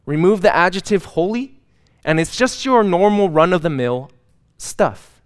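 A pastor giving a sermon, talking conversationally with light self-deprecating humor and building to dramatic emphasis on repeated words. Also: male voice, high voice, big pitch swings, a little slow, clean tone.

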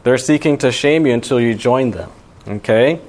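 Man, young adult, pastor, casual sermon, conversational, mid-pitched voice. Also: moderate pace, a little mellow. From Alabama. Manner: casual, conversational preaching with frequent "you know" and "right".

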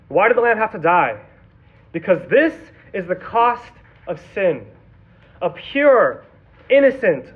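A man's voice: high voice, husky. A man preaching to sixth graders with dramatic storytelling and emphatic repetition. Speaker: youth pastor. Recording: tinny phone-like sound.

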